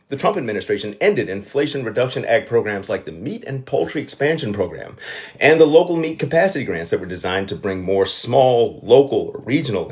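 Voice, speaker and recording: A man hosting a live show, delivering satirical news commentary with sarcastic, profane asides. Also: on the low side. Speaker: host. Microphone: livestream.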